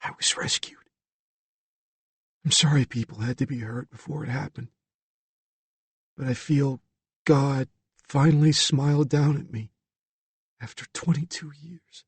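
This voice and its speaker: A man doing a bewildered young man, soft and uncertain. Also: medium pitch, fairly even intonation, husky, no room sound, pitched above the performer's own voice. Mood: whispered confession. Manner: hushed, uncertain, halting.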